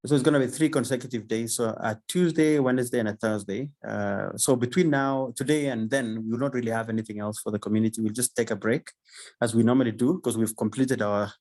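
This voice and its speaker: Male host on a video call, casual and halting, repeats words, animated bursts. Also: mid-range voice. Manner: halting, repeats words, laughs often, animated when excited. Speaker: community session host. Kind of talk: casual online session talk.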